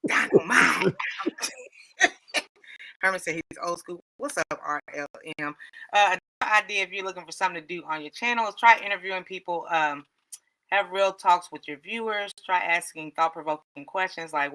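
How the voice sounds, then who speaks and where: A woman's voice: deep voice, bright, forceful tone, low-quality recording. A woman hosting a livestream in casual chat, frank and laughing often. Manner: laughs a lot, frank and joking. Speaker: livestream host.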